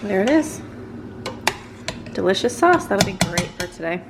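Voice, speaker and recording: A woman's voice: medium pitch, big pitch swings, moderate pace, background noise. A woman vlogging casually around her family home, chatting to viewers and her kids. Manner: chatty, talks to kids and dog while walking around. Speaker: vlogger, mother. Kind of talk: casual home vlog chat. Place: family home, kitchen and bedrooms.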